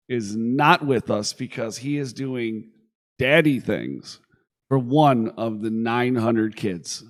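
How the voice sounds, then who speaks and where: A man's voice: mid-range voice, animated, slow. A man hosting a wrestling talk show, hyping up his co-host with jokey titles in casual chat. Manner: joking, hype-man introductions. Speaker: podcast host.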